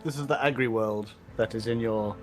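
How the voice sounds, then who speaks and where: A man's voice: medium pitch, moderate pace. Man, casual chat, explaining, hesitant, faint music behind.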